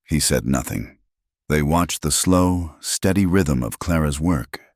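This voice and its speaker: Deep-voiced dramatic male storyteller. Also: expressive, a little slow, dry recording, studio quality. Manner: dramatic, emphatic. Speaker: narrator.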